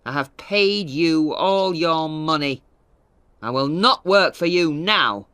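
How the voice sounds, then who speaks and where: An older father who runs a mill, hot-tempered and stubborn, in a voice set low, put on by a storybook narrator. His lines are spoken slowly and end in a weak whisper. The sound is dry and close. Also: animated, pushed and bright, clean tone, no echo. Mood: furious. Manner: lowered voice, fading to a weak whisper.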